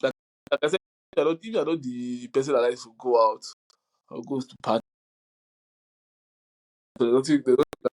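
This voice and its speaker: A man's voice: medium pitch, normal speed, long pauses, low-quality recording. A young man, hosting a podcast in casual chat and telling stories animatedly with frequent laughter. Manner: animated storyteller, laughs often. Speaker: podcast host.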